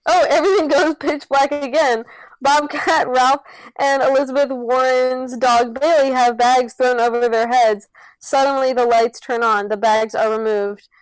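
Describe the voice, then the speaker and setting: A woman's voice: sits high, fairly even intonation, measured pace, dry recording, rough recording. A woman reading out stage directions for a comedy podcast script reading on a close mic. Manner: reads stage directions with giggles. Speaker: narrator.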